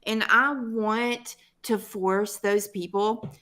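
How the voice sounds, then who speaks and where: A woman's voice: mid-range voice, fairly even intonation, slow pace, sharp tone. A woman co-hosting a casual podcast chat, emotional and fired up as she talks. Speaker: podcast co-host.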